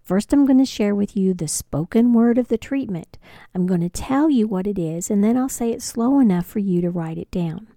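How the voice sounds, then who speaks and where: A woman spiritual teacher leading a guided prosperity affirmation, speaking softly and often slipping into a breathy whisper. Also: mid-range voice, animated, no echo, studio quality. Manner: slow, soft, often breathy whispered delivery.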